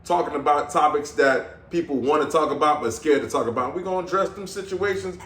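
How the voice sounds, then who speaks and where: A man's voice: a little high, fairly quick, fairly bright tone. Chill guy hosting a podcast w his wife, sounds far off the mic in an echoey room. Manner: laid-back, repeats "you know what I'm saying". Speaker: podcast co-host. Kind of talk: casual chat. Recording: echoey room, distant mic, faint noise.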